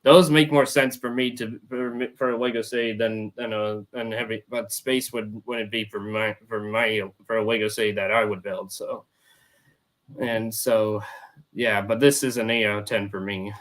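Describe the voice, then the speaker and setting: Young man hosting, halting and repetitive. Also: on the low side, level tone, a bit bright. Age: young adult. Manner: halting, many restarts and repeated words. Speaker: host. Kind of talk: casual roundtable chat.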